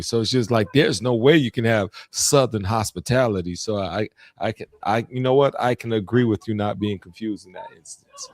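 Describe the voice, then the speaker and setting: Male panelist, lowish voice, very dry close sound, deadpan ribbing. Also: moderate pace, few pauses, no echo. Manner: dry teasing banter. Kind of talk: casual group chat.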